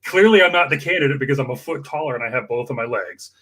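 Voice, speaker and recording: A man telling a long personal anecdote in an emotional, animated way, acting out the people in it. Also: medium pitch, fast talker. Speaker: campaign worker guest. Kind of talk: storytelling anecdote.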